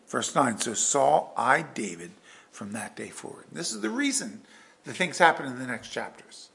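A man preaching a verse-by-verse sermon with an animated delivery that swings from loud emphasis to hushed asides. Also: medium pitch, normal speed, gravelly. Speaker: pastor.

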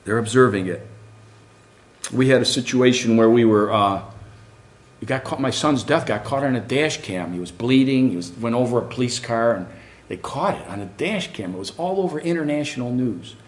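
A middle-aged man preaching a sermon, animated and full of rhetorical questions to the congregation. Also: mid-range voice, normal speed.

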